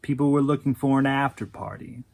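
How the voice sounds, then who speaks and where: A woman narrating a scripted oral history in an expressive, storytelling way. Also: a bass voice, fairly quick, gravelly.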